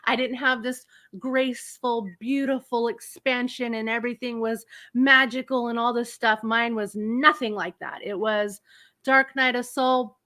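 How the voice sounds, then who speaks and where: A woman's voice: on the high side, steady tone, unhurried, sharp tone. A woman in her forties, a guest psychic talking frankly and casually, laughing easily and using blunt slang. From United States. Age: 40s. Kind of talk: casual interview chat.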